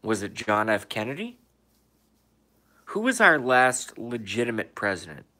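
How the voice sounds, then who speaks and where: A man with a somewhat low voice talks on a casual livestream from his room. He reads viewers' comments aloud and answers them. He swears freely and leans on emphatic rhetorical questions. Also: very animated, unhurried, bright, forceful tone. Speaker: livestream host reading chat.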